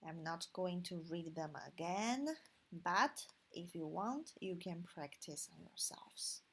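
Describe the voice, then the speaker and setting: A woman whose first language is Chinese teaches pronunciation at a very slow, deliberate pace. She repeats each sound one by one and stretches the tones. Her voice is husky and breathy. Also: fairly low pitch, animated.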